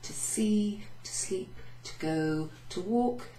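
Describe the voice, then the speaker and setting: A woman's voice: medium pitch, warm tone, a little hiss or hum. Patient woman teacher in an echoey office. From Wales. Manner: explains slowly, repeats French phrases, many fillers. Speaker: French teacher. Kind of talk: recorded lesson recap for students. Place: home office with blinds closed.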